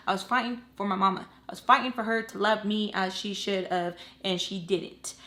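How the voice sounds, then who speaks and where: This is a young woman in her twenties recounting an emotional personal story to her audience. Her delivery is animated and emphatic, hammering points home with repeated "okay?". The room gives her voice a noticeable echo. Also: medium pitch, quick pace, hardly any pauses. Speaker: storytime vlogger. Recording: roomy echo.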